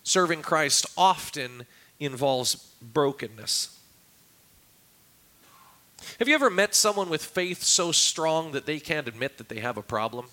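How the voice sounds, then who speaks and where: A man's voice: on the high side, expressive, a little slow, long pauses, pushed and bright. A man preaching a sermon as pastor, acting out quoted cries with a raised, dramatic voice. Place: church.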